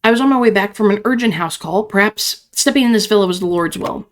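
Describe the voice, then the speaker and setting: A woman voicing a pious male doctor who speaks in a solemn, measured, reverent tone. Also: mid-range voice, close to an everyday voice.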